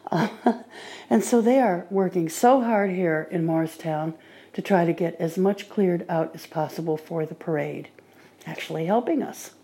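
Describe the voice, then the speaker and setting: A woman talking on her own podcast in a casual monologue, calmly recounting her day. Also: fairly low pitch, moderate pace. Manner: relaxed diary-like recounting. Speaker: podcaster training with a guide dog.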